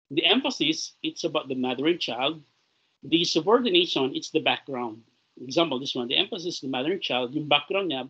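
A man's voice: mid-range voice, sharp tone, breathy edge. A man with a Filipino accent teaching a recorded lecture, switching between English and Tagalog and often ending phrases with a questioning "no?". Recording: dull lo-fi recording.

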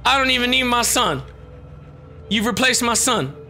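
A man giving excitable let's play commentary, swearing and shouting as he plays. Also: extremely high pitch, normal speed. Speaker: gameplay commentator. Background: game music.

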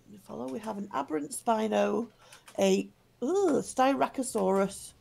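Gravelly, husky woman auctioneer. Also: fairly high pitch, expressive, darkish tone. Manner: brisk, chatty, laughs easily. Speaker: auction host. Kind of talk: livestream auctioneering.

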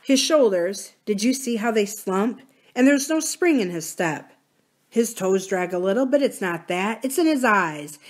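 A woman reads a group of grown siblings voicing their fear together. They sound outraged and anxious, in a middle pitch, as in a read-aloud novel. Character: worried grown siblings speaking as one.

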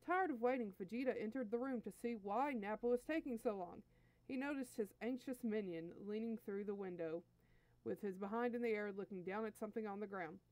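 A woman's voice: medium pitch, brisk, a little mellow, no echo. A woman host reading fan fiction aloud in an easygoing, friendly storytelling manner. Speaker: story reader, channel host.

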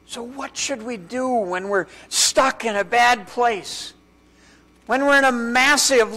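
A male pastor preaching a sermon in a church, with dramatic pauses and strings of rhetorical questions, dropping to a hush on key words. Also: very high voice. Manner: drops to a hushed voice on key words.

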